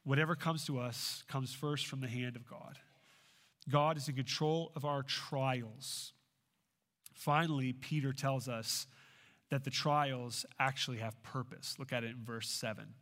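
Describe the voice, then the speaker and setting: A man delivering a sermon as a pastor, preaching emphatically with swings in pitch and loudness. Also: fairly even intonation, measured pace.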